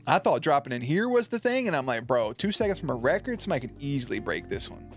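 A man's voice: mid-range voice, very animated, fast talker, faint music behind. A young man streaming and commentating marble races in a hyped, playful way, swearing freely and calling the action like a sportscaster. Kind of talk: casual livestream commentary.

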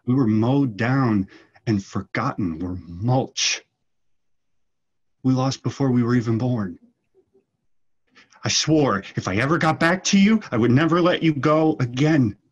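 A man's voice: medium pitch, expressive, unhurried, pauses often, husky, muffled recording. A man playing a desperate young man who tells his sister of his arrest, delivering the monologue rawly in acting class. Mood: grim resolve. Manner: raw, intense, driven monologue delivery. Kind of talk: scene work in an acting class.

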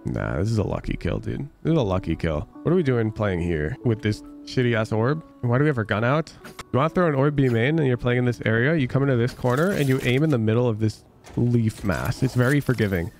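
A male game coach talking over a match review in a casual, sweary way. He is blunt and emphatic, and his pitch sits in the middle. He hammers points home by repeating lines sarcastically, with faint music behind him. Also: quick pace, a little mellow.

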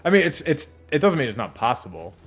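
A man's voice: medium pitch, very animated, fast, slightly rough. A young man hosting a casual reaction chat while gaming, loose and profane, laughing often. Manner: loose, profane, laughs often, slips into exaggerated quoted voices. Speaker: YouTube host reacting to a video while gaming.

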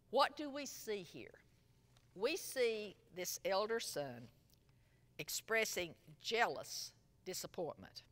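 Woman, Sunday school teacher, lively swooping pitch, long echoing room. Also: slow. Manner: expressive storytelling, retelling a parable. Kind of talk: Bible lesson. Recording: long echo from a large room.

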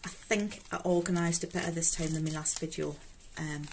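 A woman's voice: low-pitched, fairly even intonation, brisk, darkish tone. A woman with a Geordie accent, chatting casually and talking to herself while she counts out cash for her budget. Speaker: budgeting vlogger. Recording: clear background noise with rustling notes.

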